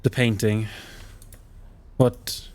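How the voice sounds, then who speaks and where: A man's voice: on the low side, flat delivery, very slow, darkish tone. A man reading a troubled young painter. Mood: subdued. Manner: hesitant, subdued. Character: troubled young male painter, hesitant and withdrawn.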